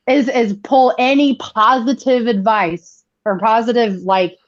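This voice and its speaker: A woman's voice: on the high side, slow pace. Sarcastic woman co-host, lo-fi sound. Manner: animated, sarcastic, profane. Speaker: podcast co-host. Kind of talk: casual political chat.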